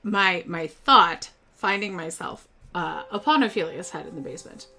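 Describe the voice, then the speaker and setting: A woman's voice: fairly low pitch, lively intonation, normal speed, sharp tone. A woman player in a tabletop game, talking casually about her plans.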